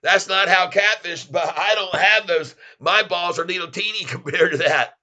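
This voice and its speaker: Excitable Southern man, bright forceful voice. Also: sits high, normal speed. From Florida, US. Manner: excitable and effusive, thanks viewers often. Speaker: livestream host. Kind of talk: casual live stream chat.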